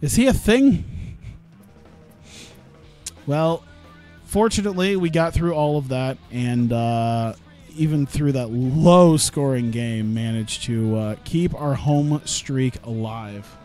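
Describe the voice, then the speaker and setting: A man's voice: mid-range voice, slow, darkish tone, soft background music. A man casually commenting on his own gameplay as a streamer, rambling and cutting himself off, laughing at his own jokes. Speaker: gaming streamer.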